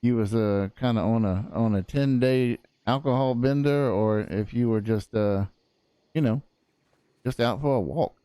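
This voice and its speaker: A man with a medium-pitched, warm voice speaks unhurriedly in a clean recording without echo. In an in-character roleplay chat, he plays a cranky old frontier prosecutor, rambling folksily and filling his speech with fillers.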